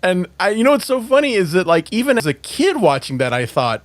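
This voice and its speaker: A man hosting a podcast in casual chat, animated, laughing often and swearing in quick asides. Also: high voice, no echo. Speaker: podcast host.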